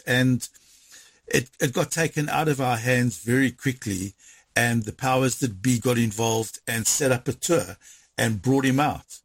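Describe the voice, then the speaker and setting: Husky man telling a story. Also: medium pitch, no room sound. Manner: animated, re-enacts dialogue in quick bursts. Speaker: interviewee recounting events. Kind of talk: conversational storytelling.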